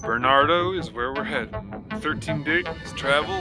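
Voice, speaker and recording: A man giving casual, excitable gameplay commentary with many fillers. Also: a little high, a little slow. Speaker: gameplay video creator. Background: loud game music.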